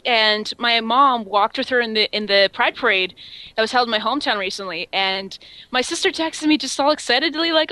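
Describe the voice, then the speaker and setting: Higher-pitched podcast woman, teasing and jokey, dry close sound. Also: brisk, sharp tone, no room sound, poor audio. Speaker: podcast co-host. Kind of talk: casual chat.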